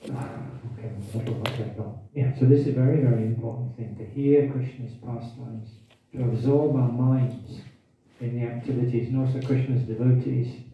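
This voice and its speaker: A man's voice: medium pitch, steady tone, moderate pace, slight background noise. Guy teaching a scripture class w hiccups, quizzing the crowd, far off on a tinny echoey recording. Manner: questions the audience, repeats key phrases. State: has hiccups.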